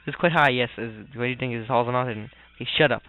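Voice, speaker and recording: Goofy let's player, smooth voice, tinny phone-like recording, faint game music. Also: male voice, mid-range voice, very fast. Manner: goofy, rambling, mutters complaints. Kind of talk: casual gameplay commentary.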